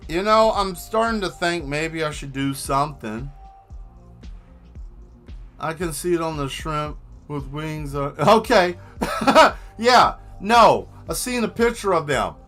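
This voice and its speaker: A man's voice: fairly high pitch, lively intonation, measured pace, long pauses, a bit bright, faint music behind. A man hosting a painting livestream, chatting casually with viewers in a rambling, joking way. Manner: rambling, joking, answers the chat.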